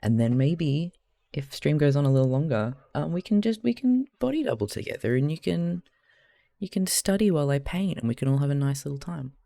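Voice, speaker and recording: Gravelly Australian man chatting on stream. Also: a little high, animated, fairly quick, warm tone, no room sound. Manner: chatty, rambling, swears and laughs often. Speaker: live streamer. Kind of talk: casual live-stream chat while crafting.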